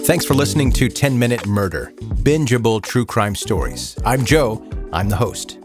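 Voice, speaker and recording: Male true crime podcast host over soft music. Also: medium pitch. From American South. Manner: measured, somber storytelling then relaxed and chatty. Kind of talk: true crime narration and casual listener chat.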